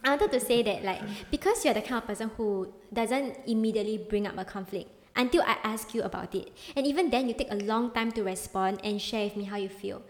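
Fast-talking frank young woman host. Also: mid-range voice, big-room sound. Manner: frank and emotional, animated. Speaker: podcast host. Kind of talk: casual podcast chat.

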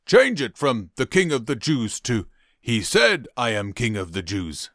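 A man voicing angry male temple leaders who shout loudly and draw out their demands. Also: mid-range voice, big pitch swings, dry recording, clean studio sound, voice pushed up, heavily acted. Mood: furious. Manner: loud, drawn-out shouting.

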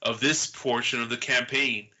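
A man's voice: mid-range voice, fairly even intonation, normal speed, bright, forceful tone, muffled recording. A man narrating a tabletop game as game master, casual and profane. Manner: profane, laid-back, laughs often.

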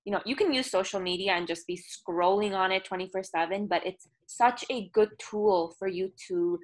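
A woman's voice: mid-range voice, moderate pace. Woman podcast host with a middling voice, upbeat and engaged. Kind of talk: casual conversational interview.

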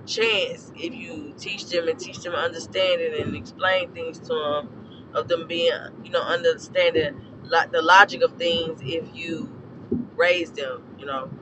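A man with a hoarse, scorched throat, giving a blunt, profane and preachy casual rant as a podcast host. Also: a little high, noisy background.

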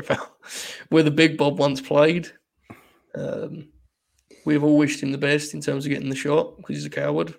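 A man hosts a loose, live-streamed podcast. His voice sits a little high and carries a gravelly fry. He rambles through jokes and breaks into laughter easily. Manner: joking and rambling, laughs often. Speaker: podcast host. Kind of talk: casual wrestling chat on a live stream.

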